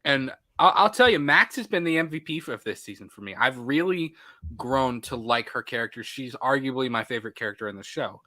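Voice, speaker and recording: Animated excitable man reviewing a show. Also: mid-range voice, brisk. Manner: animated, excitable, acts out reactions. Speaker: podcast co-host. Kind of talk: casual movie review chat.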